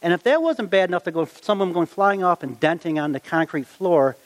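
A middle-aged man telling a personal anecdote in a folksy, animated way, acting out the quotes as he goes. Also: high-pitched, brisk. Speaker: storyteller. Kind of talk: personal anecdote, told aloud.

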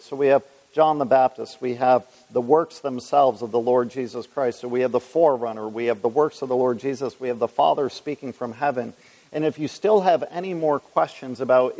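A man's voice: mid-range voice, darkish tone. A man teaching through a Bible passage in a conversational way, reading scripture aloud and putting questions to his listeners. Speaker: preacher. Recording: long reverb of a large hall.

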